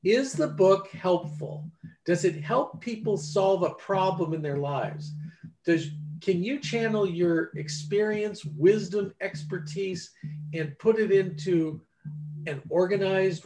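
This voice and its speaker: A man's voice: a little high, slight background noise. A man over forty, an author and ghostwriter, talking casually in an interview and acting out quoted conversations as he tells stories. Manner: animated storyteller, acts out quoted dialogue.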